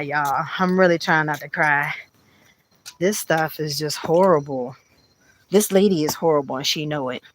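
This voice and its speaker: A woman's voice: fairly low pitch, slight background noise. A woman hosting a live stream, chatting casually and emotionally with her viewers and giving prayerful thanks. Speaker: livestream host.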